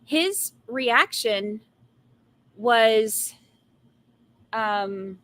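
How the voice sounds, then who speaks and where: A woman's voice: fairly high pitch, animated, extremely slow, fairly bright tone. A woman hosting a live trial commentary, answering viewer comments and giving blunt, sassy opinions with exasperated rants. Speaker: trial commentary livestream host.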